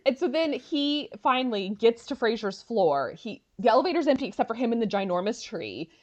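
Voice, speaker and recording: A woman co-hosting a podcast, retelling an episode in a lively, animated way with quick asides. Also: fairly high pitch, muffled recording. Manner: animated storyteller, quick asides and quoted lines. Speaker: podcast co-host. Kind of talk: casual chat, retelling an episode.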